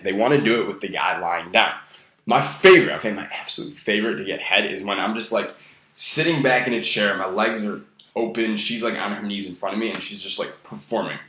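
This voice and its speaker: Male dating coach, low-pitched, rapid casual delivery, roomy echo. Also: fairly bright tone. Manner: rapid, loose, filler-heavy talk. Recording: echoey room.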